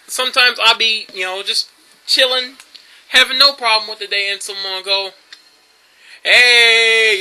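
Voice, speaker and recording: A man talks straight to the camera in a loose vlog monologue, wandering from one story to the next with plenty of ums and uhs. His voice sits high and sounds very bright. His pitch swings widely as he goes. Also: low-quality recording. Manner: rambling storytelling with fillers and laughs. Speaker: YouTube vlogger.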